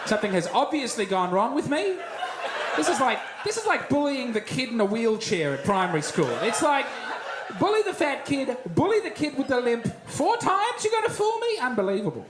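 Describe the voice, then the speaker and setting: Australian man, comedy bit, mock-earnest, wildly swinging pitch, echoey, noisy. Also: big pitch swings, normal speed. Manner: mock-earnest, laughing delivery. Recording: echoey room, loud noise.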